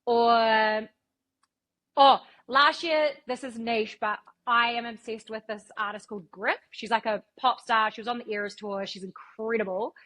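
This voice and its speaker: This New Zealand radio broadcaster speaks a little slowly, her voice on the high side, steady and fairly bright. Guesting in a casual interview, she tells stories chattily and swears freely throughout.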